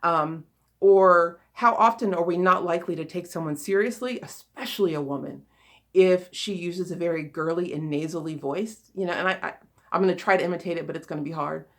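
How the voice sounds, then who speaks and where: A woman's voice: on the low side, a little fast. A woman giving a casual spoken talk as a spiritual coach, rambling with many fillers and restarts, earnest and encouraging.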